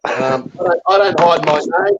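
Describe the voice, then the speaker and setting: A man hosts an online group chat, ranting with heated, profane energy. His voice sits high for a man. The sound is dull and lo-fi, like a webcam mic. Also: moderate pace, noisy background. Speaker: host.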